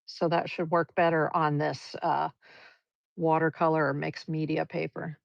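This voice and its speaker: This is a woman giving a live painting lesson, her low voice carrying a gravelly edge. She chats and encourages as she explains every stroke. The livestream audio sounds dull and lo-fi, dry with no room echo. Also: little pitch movement, unhurried. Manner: chatty, encouraging, talks through each brushstroke. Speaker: art teacher.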